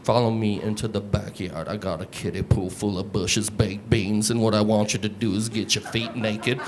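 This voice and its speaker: Deep hushed creep voiced by a man, slow suggestive drawl, comedy bit. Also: fairly even intonation, close to an everyday voice. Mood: sleazy. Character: creepy low-voiced seducer man, sleazy and deadpan. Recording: live stage mic with room noise.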